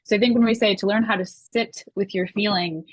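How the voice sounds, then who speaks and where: A woman guest on a podcast, calmly and thoughtfully explaining her ideas. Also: mid-range voice, brisk, no echo. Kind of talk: casual interview chat.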